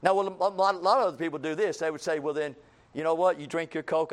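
A man's voice: a little high, fairly even intonation, quick pace. A man preaching a sermon, folksy and repetitive, building to emphatic calls and acting out everyday scenes.

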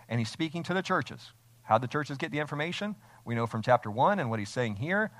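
A man's voice: medium pitch, dry recording. Emphatic male pastor, dry sound. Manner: emphatic, with rhetorical questions. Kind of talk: expository sermon. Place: church, streamed online.

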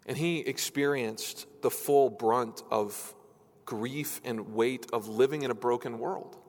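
A man preaching in a church sanctuary, earnest and pleading, his voice rising when he asks questions. His pitch sits in an ordinary middle range. The voice rings with a long reverb that fills the hall. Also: slow pace. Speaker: pastor. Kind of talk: sermon.

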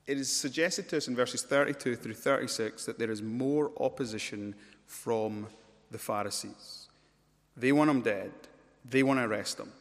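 Male preacher, mid-pitched voice, long echo of a church hall, climbs loud and high for emphasis. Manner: rises to loud, high-pitched emphasis when stressing points. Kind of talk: expository sermon.

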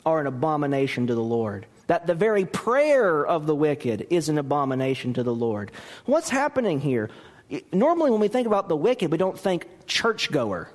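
Expressive high-voiced preacher in a reverberant hall. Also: male voice. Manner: expressive preaching, acting out quoted dialogue. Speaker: pastor. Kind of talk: sermon.

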